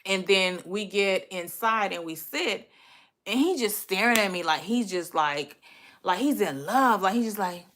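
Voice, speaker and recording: A young woman telling a date story in a casual storytime vlog, profane and animated, acting out her own thoughts. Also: medium pitch, a little slow.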